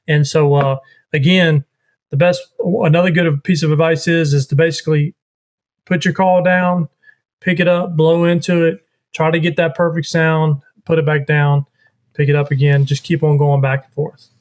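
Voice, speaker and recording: Man explaining duck calling, slightly high. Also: level tone, moderate pace. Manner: rambling, repeats steps while explaining. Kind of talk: casual instructional chat.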